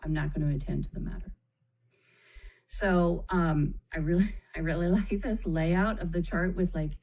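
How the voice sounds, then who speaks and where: A woman with a lowish, mellow voice walks viewers through a parenting chart in a live stream. She keeps it conversational, pausing to check in with "okay?" and speaking of kids with gentle empathy. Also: husky, rough recording. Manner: warm, empathetic phrasing, calls children "kiddo". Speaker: parenting educator. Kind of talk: live-streamed explanatory talk.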